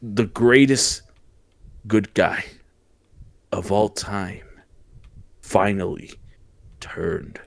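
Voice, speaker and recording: A man's voice: on the low side, drawn-out words, pauses often. A man hosting a casual podcast, animatedly retelling a wrestling show and stumbling over restarts as he goes. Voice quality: animated storyteller, frequent restarts. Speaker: podcast host. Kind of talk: excited wrestling recap, casual chat.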